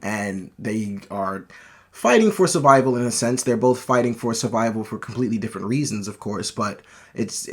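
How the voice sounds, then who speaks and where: A man's voice: on the low side, lively intonation, moderate pace. Enthusiastic man rambling through a film review. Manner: enthusiastic, rambling with frequent restarts. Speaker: movie reviewer. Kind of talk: casual video review.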